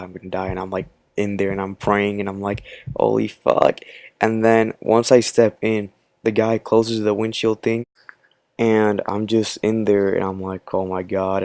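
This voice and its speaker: A man's voice: fairly low pitch, vocal fry, darkish tone, dry recording. A man telling a personal story in casual commentary, rambling with many fillers. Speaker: channel host.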